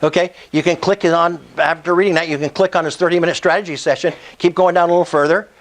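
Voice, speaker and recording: A man giving a live sales presentation at an investors' meetup, excitable and pushy, often asking the room if it's cool. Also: high-pitched, low-quality recording.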